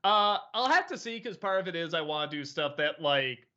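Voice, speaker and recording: Hesitant man, lively bright voice. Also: on the high side, brisk, clear, resonant tone, highs cut off. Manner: hesitant, many fillers and restarts, laughs easily. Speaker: host of a live-streamed chat show. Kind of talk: casual live-stream chat answering viewers.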